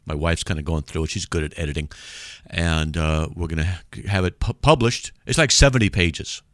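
A man's voice: deep voice, a little fast, fairly bright tone, dry recording. A man hosting a casual radio call-in show, joking and laughing at himself as he talks to listeners from the studio. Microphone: studio microphone.

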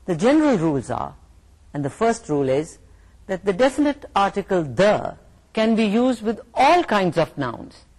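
A middle-aged woman with a Pakistani English accent giving a university English lecture, slow and deliberate, repeating and rephrasing her points. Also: mid-range voice, big pitch swings, darkish tone. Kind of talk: recorded lecture.

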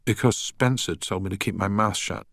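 A man's voice: on the low side, moderate pace, creaky, fairly bright tone, no echo, clean studio sound. A man voicing a well-spoken young man who is a recovering heroin addict, hesitant and uneasy. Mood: nervous, confessing.

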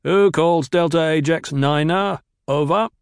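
A man doing a flat radio crewman. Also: a little high, a little slow, clean tone, dry recording, studio quality, voice pushed up. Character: flat-voiced crawler crew radio man.

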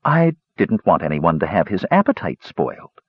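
A man's voice: low-pitched, very animated, moderate pace, husky, no echo, pitched below the performer's own voice, full character voice. A man voicing a small, mischievous male kender storyteller who speaks weakly and stammers a little. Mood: sheepish. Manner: weak, indignant, stammering. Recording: dull lo-fi recording.

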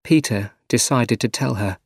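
A man reading a story aloud for learners, slow, clear and measured. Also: mid-range voice, no room sound, clean studio sound. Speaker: narrator.

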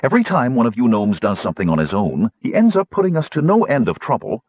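Brief: hard-edged woman warrior, brisk and bossy, lifted pitch, slightly husky, performed by a man. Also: huge pitch swings, dry recording, phone-quality sound. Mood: scolding. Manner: sharp, scolding, raised pitch. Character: tough young woman warrior, blunt and commanding. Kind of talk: audiobook character voice.

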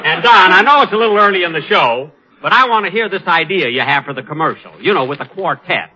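A man's voice: high-pitched, lively intonation, quick pace. Vain, touchy man on old hissy radio. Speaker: comedy show host. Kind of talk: scripted radio comedy. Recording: dull old radio recording with hiss.

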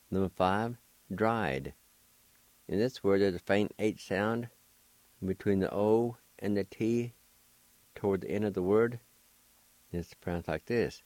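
Slow, low-voiced man teaching words. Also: darkish tone, no echo. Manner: slow, deliberate spelling and repeated pronunciation; patient and encouraging. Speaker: language teacher and host. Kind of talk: radio language lesson.

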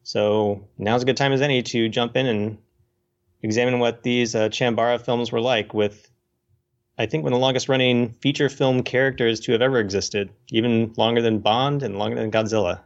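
A man co-hosting a casual podcast about films, explaining in a rambling, hesitant way with many pauses. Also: mid-range voice, steady tone, muffled recording. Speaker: podcast co-host.

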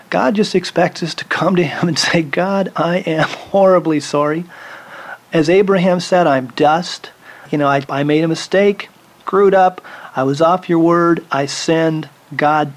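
A man preaching a sermon, teaching from the Bible and acting out the voices of the people he quotes. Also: a little high.

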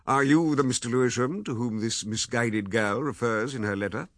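A man voicing a pompous, waggish middle-aged gentleman who lectures genially and with self-satisfaction in a storybook reading. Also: medium pitch, moderate pace, no echo, clean studio sound, natural voice. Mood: lecturing.

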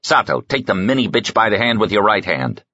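A man doing a gruff, impatient kidnapper chief who barks orders and threats in a low, husky voice. The audiobook sound is dry and a little dull. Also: expressive, brisk, bright, forceful tone, no room sound. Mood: menacing.

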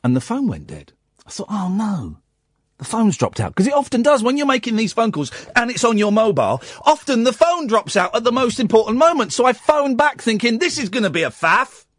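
Animated husky-voiced man telling a story. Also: very high voice, a little fast, no room sound, studio quality. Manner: animated, acts out both sides of phone calls. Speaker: radio host. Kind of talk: storytelling on a talk radio show.

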